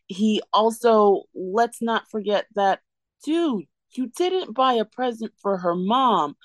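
A woman's voice: fairly high pitch, animated, slow pace, no room sound. Sarcastic woman ranting, dry sound. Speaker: podcast co-host. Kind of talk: casual reality-TV recap chat.

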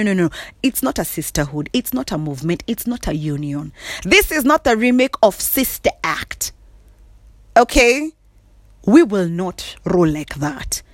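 A woman giving a sassy, emphatic casual monologue from her bed, often clearing her throat and laughing. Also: lowish voice, no echo, studio quality. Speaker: vlogger. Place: in bed at home.

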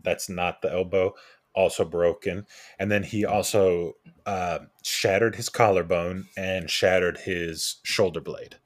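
Young adult male podcast co-host, low register, casual storyteller who acts out the people he quotes. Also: measured pace. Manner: animated anecdote-telling with quoted voices and restarts.

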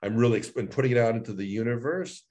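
A man, a voice and speech coach, chatting in an interview with lively, animated phrasing and frequent laughs. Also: mid-range voice, fast. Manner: animated, demonstrates intonation with exaggerated phrasing; laughs often, restarts sentences. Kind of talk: casual interview talk.

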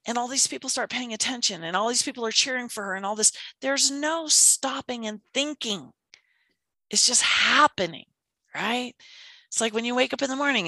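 A woman's voice: a little high, no echo. A woman in casual conversation, telling stories animatedly and acting out quotes. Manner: animated, storytelling with acted-out quotes. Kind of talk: casual chat.

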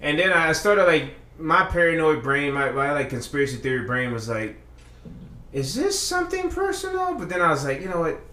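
Man, casual podcast storytelling, slightly high voice, echoey room, rambling and profane. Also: fairly quick, few pauses. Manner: rambling, profane, animated retelling with many restarts. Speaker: podcast co-host.

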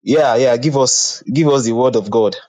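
A man moderating a casual online audio room discussion, brisk and joking. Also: medium pitch, darkish tone, no echo.

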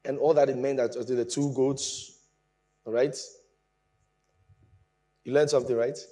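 A man preaching a sermon, explaining with lively emphasis that rises from quiet asides to raised points. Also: mid-range voice, a little slow.

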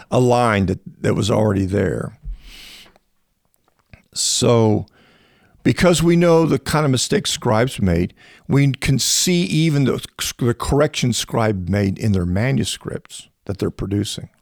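A man teaching in a conversational podcast style, animated and rising in pitch when he stresses a point, often restarting phrases and slowing down to explain. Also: creaky, no room sound, studio quality. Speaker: biblical scholar teaching on a podcast.

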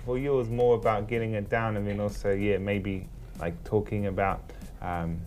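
A man hosting a relaxed conversation, asking questions with many fillers and agreeing often. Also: on the low side, normal speed, soft background music. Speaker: host. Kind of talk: casual chat.

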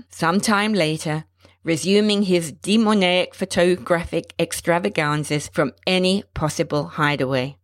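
A woman narrating a short story in a measured, expressive storytelling manner. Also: lowish voice, no room sound, studio quality.

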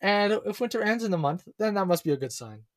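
A man's voice: big pitch swings, quick pace, no echo. Playful young man, dry sound. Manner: playful, rambling, filler-heavy pitching. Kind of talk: casual chat.

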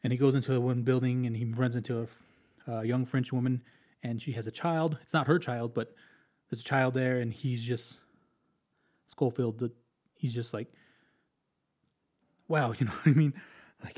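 Casting note: easygoing man, mid-pitched voice, animated film chat with acted-out quotes and frequent laughs. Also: moderate pace, pauses often. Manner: animated, chatty, acts out quotes, laughs often. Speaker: movie reviewer. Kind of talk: casual film review.

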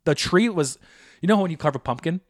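A man's voice: a little high, lively intonation, fairly quick, no echo, studio quality. A man, co-hosting a podcast and telling rambling, profane stories in casual chat. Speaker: podcast co-host.

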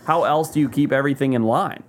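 A man's voice: medium pitch, fast. A man co-hosting a podcast in casual chat, talking with emphasis and swearing now and then. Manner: animated, swears, talks with emphasis. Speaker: podcast co-host.

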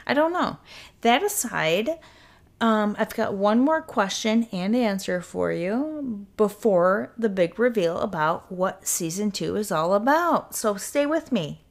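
A woman's voice: mid-range voice, lively intonation, slow, vocal fry. A woman hosting her own podcast, talking casually in a rambling, self-interrupting way and swearing freely. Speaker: podcast host. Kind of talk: casual solo podcast talk.

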